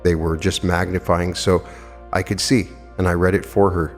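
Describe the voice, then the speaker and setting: A man's voice: deep voice, level tone, normal speed, long reverb tail, faint music behind. A man in his fifties giving a spiritual lecture, telling anecdotes earnestly and emphatically with rhetorical questions. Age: 50s. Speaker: metaphysical lecturer.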